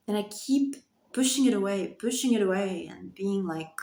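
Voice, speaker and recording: Emotional woman talking halting to camera. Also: mid-range voice, animated, creaky, darkish tone. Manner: emotional, halting, repeats phrases, nervous laughs. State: voice cracking with emotion. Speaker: vlogger. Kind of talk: confessional talk to camera. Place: bedroom. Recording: echoey room.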